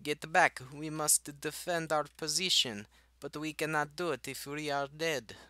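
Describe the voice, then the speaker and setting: A man doing a shouting Soviet officer with a weak fake accent. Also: a little high, steady tone, slow pace, clean tone, no room sound, pitched above the performer's own voice, heavily acted. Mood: commanding. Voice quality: loud barked orders, weak put-on accent.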